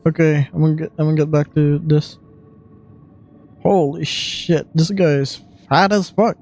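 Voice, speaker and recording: A streamer doing casual live gaming commentary, reacting loudly and swearing while playing. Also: medium pitch, fairly even intonation, moderate pace, dry recording.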